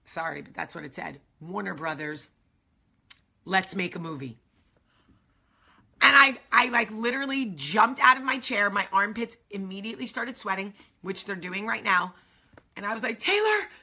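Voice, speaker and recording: A middle-aged woman hosting her own vlog, telling a story in an excited, rambling way with many asides. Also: mid-range voice, unhurried, gravelly, long pauses, slightly rough. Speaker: vlog host. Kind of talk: casual chat to camera.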